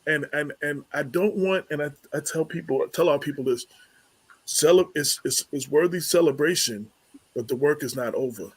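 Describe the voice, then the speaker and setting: A man hosting a community radio talk show, speaking in a halting way with many fillers and repeated words. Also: on the high side, husky, dry recording.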